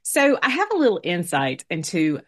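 A woman co-hosting a podcast in casual chat, lively and teasing. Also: lowish voice, normal speed. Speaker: podcast co-host.

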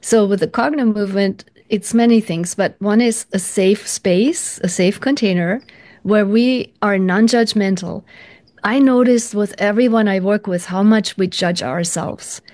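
A woman's voice: mid-range voice, unhurried, darkish tone. Earnest woman guest, reflective. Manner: earnest, searching, many restarts. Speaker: interview guest, practitioner. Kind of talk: reflective interview talk.

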